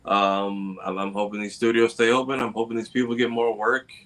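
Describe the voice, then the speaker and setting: A man on a casual gaming podcast gives his opinions in a measured, earnest way, often pausing on filler words. His voice sits lowish and has a bright, forceful edge. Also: little pitch movement. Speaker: podcast co-host.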